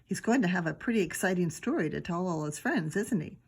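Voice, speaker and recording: A woman voicing a calm, gentle male nature guide in a storybook, talking softly and hushed. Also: on the low side, a little fast, slightly rough. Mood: soothing. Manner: soft and hushed.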